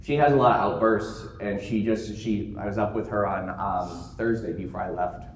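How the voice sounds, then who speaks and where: A man giving a keynote talk to a live audience, telling stories in an animated way and joking along the way. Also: on the low side, moderate pace, slight background noise. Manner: animated storytelling with jokes. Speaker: keynote speaker. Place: conference room. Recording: roomy conference room sound.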